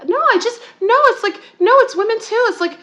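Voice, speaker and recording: Bright-voiced woman on a heated rant. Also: a little fast. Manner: heated, rambling rant with repeated restarts; swings into high-pitched outbursts and laughs. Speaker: podcast co-host. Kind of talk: ranting monologue.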